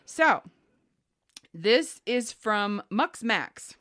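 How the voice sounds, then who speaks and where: A woman co-hosting a chatty podcast, her pitch sitting fairly high and swooping widely. She reads a listener's story aloud and puts on the voices of the people in it. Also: very slow. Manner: animated, acts out quoted voices. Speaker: podcast co-host. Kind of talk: casual chat, reading a listener email.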